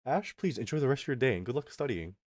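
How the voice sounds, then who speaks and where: A man's voice: mid-range voice, lively intonation, fast, darkish tone, no echo, studio quality. A man streaming and chatting with his audience, telling a story in a casual rant. He swears freely and reads out his chat as he goes.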